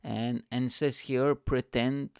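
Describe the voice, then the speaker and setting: A man from Bulgaria, a podcast host reading an old stand-up set aloud, self-mocking and swearing, jumping into high voices for the people he quotes. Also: fairly even intonation, moderate pace, gravelly, clean tone, no echo, studio quality.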